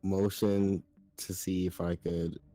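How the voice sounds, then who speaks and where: A man's voice: low-pitched, flat delivery, slow, warm tone. A man playing a tabletop game, speaking hesitantly and tentatively. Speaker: player. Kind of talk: casual tabletop play.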